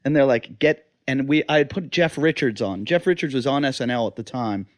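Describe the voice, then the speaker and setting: A man's voice: mid-range voice, fairly quick. A man who does stand-up, telling a club story in a casual podcast chat, acting out the quotes. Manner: lively anecdote telling, acts out quotes. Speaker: podcast host, stand-up comedian.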